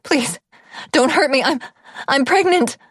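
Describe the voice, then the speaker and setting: A woman voicing a frightened young pregnant woman who pleads in a high, breathless voice. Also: a little slow, a bit bright, dry recording, studio quality. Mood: pleading.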